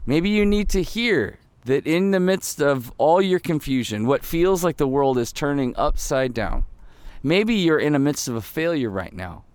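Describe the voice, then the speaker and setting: A man preaching a sermon in an earnest voice that drops soft and low, then rises with emphasis. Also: big pitch swings, normal speed, clear, resonant tone, dry recording. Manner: earnest, swings between soft intimate lows and rising emphatic peaks. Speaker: pastor.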